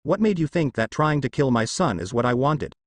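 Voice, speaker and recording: A man's voice: medium pitch, animated, fairly quick, dry recording, natural voice. A man reading the lines of a wrathful male sun god and protective father, growling with cold fury. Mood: angry.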